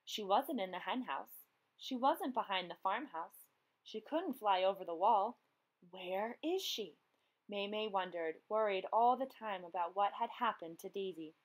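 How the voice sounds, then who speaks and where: A woman's voice: medium pitch, normal speed, poor audio. A woman teacher reading a children's story aloud expressively, then asking young readers questions.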